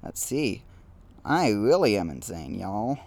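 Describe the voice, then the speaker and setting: A young man hosting a casual solo podcast outdoors, rambling and self-deprecating, with frequent halting restarts. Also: lowish voice, very animated, creaky, a little mellow, no echo. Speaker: podcast host.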